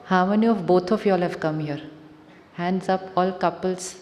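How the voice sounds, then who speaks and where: A woman with an Indian accent giving a calm spiritual talk, asking questions of a live audience and slipping in Hindi phrases. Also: fairly low pitch, normal speed, slight background noise. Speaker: spiritual speaker. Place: large conference hall. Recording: echoey hall, long reverb.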